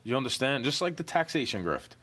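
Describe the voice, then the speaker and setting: A young man with a medium-pitched, a bit bright voice speaks fast and very animatedly. He's ranting to camera, aggrieved and profane, directly at someone who wronged him, repeatedly dropping "bro."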